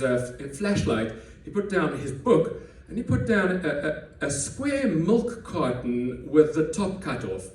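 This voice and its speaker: Slightly high and sing-song, this man keeps a measured pace with few pauses and a somewhat mellow sound. He's sharing a self-deprecating personal story with a live audience, frequently restarting what he says. It's captured from afar in an echoey room, with faint ambience and slight background noise.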